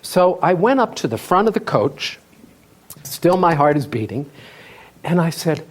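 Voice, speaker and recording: A man telling a humorous story on stage as a live storytelling performance, in an animated way with laughs in his voice. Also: fairly high pitch, a little slow, pauses often. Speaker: storyteller, tour guide. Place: festival stage before an audience.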